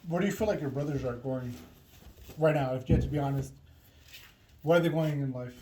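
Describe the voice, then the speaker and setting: A man's voice: medium pitch, brisk. Blunt male host in a noisy room. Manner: blunt, casual, profane. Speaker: podcast host. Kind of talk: casual interview questions. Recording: echoey room, loud noise and clicks.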